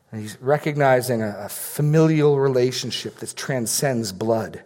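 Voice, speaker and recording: A man's voice: mid-range voice, normal speed, few pauses, darkish tone. A middle-aged man preaching a sermon as pastor, teaching earnestly through outline points and Bible verses.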